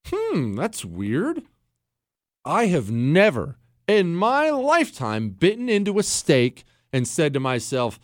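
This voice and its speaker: A man's voice: high voice, huge pitch swings, measured pace, dry recording. A man hosting a talk show, delivering an emphatic, combative, teasing opinion monologue into a studio microphone. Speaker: radio talk show host.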